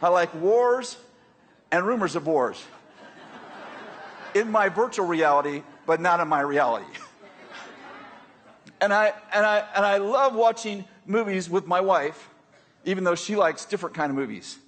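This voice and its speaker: A man's voice: high-pitched, expressive, unhurried, pauses often, a bit bright, a little hiss or hum. An American man preaching a sermon in a conversational, joking way, often checking in with his listeners.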